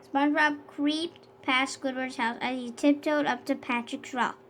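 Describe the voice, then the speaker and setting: Woman narrator, high voice, children's read-aloud, steady with small self-corrections. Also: a little slow, slight background noise. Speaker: storybook reader.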